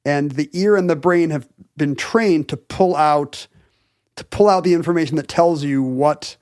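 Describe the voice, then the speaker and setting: A man with a fairly high voice explains a topic on a podcast, looping through fillers and restarts as he goes. The sound is dry and close, with no room around it. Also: normal speed, a little mellow, dry recording. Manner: enthusiastic explainer, hedges with fillers. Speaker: podcast co-host. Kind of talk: casual explanatory chat.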